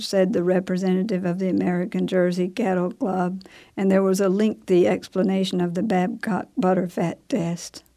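A woman narrating a story in a measured, unhurried way. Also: lowish voice, flat delivery, gravelly, dark tone.

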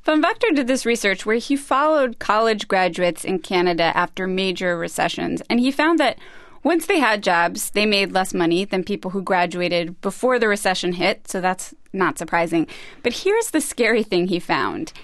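A woman co-hosting a radio show, narrating and asking questions in a lively, curious way. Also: medium pitch, normal speed, no room sound, studio quality. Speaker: radio reporter and co-host.

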